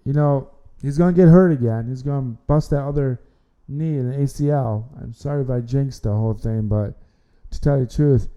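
A man's voice: mid-range voice, moderate pace, few pauses, warm tone, clear, resonant tone, dull audio. A man hosting an amateur sports podcast, talking casually and rambling, often repeating words and restarting his sentences. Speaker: podcast host.

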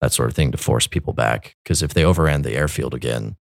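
A man's voice: extremely low pitch, fast talker, vocal fry, dry recording, studio quality. A man, a Catholic military chaplain, telling his story in a loose, rambling way with many fillers and restarts. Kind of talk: conversational storytelling.

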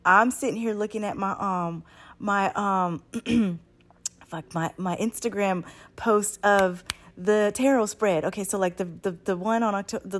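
A woman talking at home at night in a rambling, excitable casual monologue, full of swearing and slang. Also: mid-range voice. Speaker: spiritual channeler.

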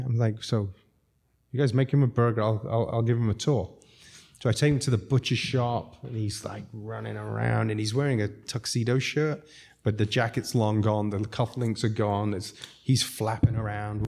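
A man from Zambia, a restaurateur guest, telling animated anecdotes in casual chat, laughing often and acting out quotes. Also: lowish voice, vocal fry.

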